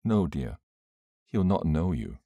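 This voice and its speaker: Man doing a soft-spoken big brother in an audiobook, super deep, mellow. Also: big pitch swings, slow, no room sound, highs cut off, exaggerated voice. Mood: gentle. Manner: gentle and sad. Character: gentle, grave man, a caring older brother.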